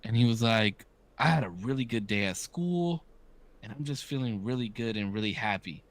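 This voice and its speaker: A man's voice: medium pitch, expressive, normal speed. A man in his thirties chatting casually as a podcast co-host, candid and swearing often, acting out the voices of people he quotes. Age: 30s. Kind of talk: casual chat.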